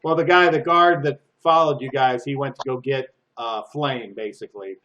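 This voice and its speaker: A man's voice: mid-range voice, normal speed, sharp tone, muffled recording, a little hiss or hum. A man narrating a tabletop game from home as game master, loose and rambling.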